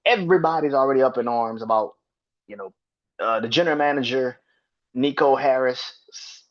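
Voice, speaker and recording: On dull-sounding audio, a podcast host with a mid-range voice talks briskly through a casual sports rant. He gets profane and heated, repeating himself when worked up.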